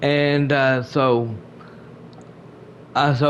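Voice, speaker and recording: A man's voice: fairly high pitch, steady tone, slow pace, long pauses. A man hosting his gaming channel, rambling through a casual update to his viewers, restarting and repeating himself often. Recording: dull lo-fi home recording with faint noise.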